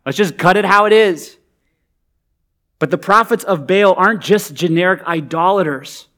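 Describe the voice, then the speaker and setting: A man's voice: sits high, normal speed, a bit bright. A man preaching a sermon in a conversational, humorous, emphatic way. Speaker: pastor.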